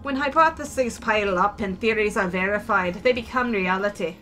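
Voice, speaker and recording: A woman's voice: mid-range voice, moderate pace, a bit bright, soft background music, close to an everyday voice. A woman voicing a theatrical, self-styled mad scientist man who declaims grandly in a game reading. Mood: lecturing.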